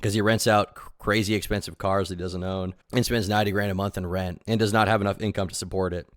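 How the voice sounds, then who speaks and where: A man streaming a live reaction, mocking and incredulous, swinging between loud rants and quiet asides. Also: on the low side.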